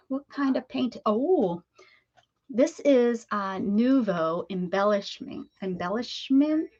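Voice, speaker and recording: A woman's voice: fairly high pitch, lively intonation, takes it slowly, darkish tone, highs cut off. A woman from the Pittsburgh area hosting a crafting live stream, chatting casually and greeting viewers by name as she works.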